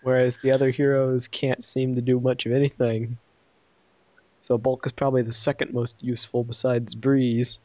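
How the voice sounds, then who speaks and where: A man's voice: medium pitch, little pitch movement, moderate pace, a little mellow, no room sound, dull audio. A man casually reviewing an episode, retelling the plot in a rambling way and voicing quoted lines.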